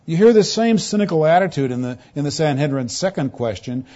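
A man preaching an expository sermon as pastor, rising to loud, pointed quotations and dropping to hushed, quiet lows. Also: animated, a little fast, few pauses. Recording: dull lo-fi sermon recording.

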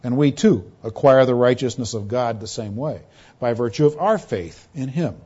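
A man's voice: medium pitch, normal speed, dark tone, husky, muffled recording. A man preaching an expository sermon in earnest, repeating words and phrases for emphasis.

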